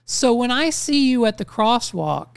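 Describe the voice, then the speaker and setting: A young man hosting a podcast, telling stories in a casual monologue full of swearing and animated ranting. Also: very high voice, measured pace, creaky, clear, resonant tone, dry recording, clean studio sound. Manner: ranting, profane, animated storytelling. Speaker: podcast host.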